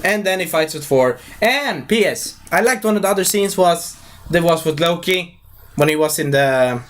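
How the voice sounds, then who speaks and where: A young man giving a casual live movie review, rambling and excitable, with lots of fillers and broken grammar. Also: fairly high pitch, normal speed.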